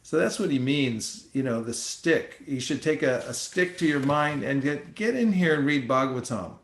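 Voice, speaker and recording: A man giving an informal spiritual talk as a teacher, speaking haltingly with many fillers and restarts. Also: medium pitch, lively intonation, roomy sound.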